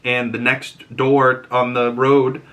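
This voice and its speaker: Bright-voiced man chatting through a recap. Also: mid-range voice, monotone, slow pace. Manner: chatty, loose, filler-heavy storytelling. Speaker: host reviewing a TV episode. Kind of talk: casual recap and reaction.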